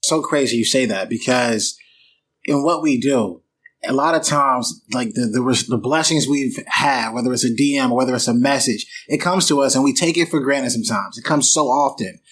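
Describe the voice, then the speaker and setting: A man's voice: mid-range voice, a bit bright, slightly rough. A man hosting a podcast interview who often chimes in to agree. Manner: encouraging, quick to agree. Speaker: podcast host. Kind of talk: podcast interview and promo read.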